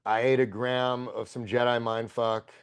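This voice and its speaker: A man, a podcast guest, telling a long story in a casual, profane, excitable and rambling way. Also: mid-range voice, a little slow, clear, resonant tone.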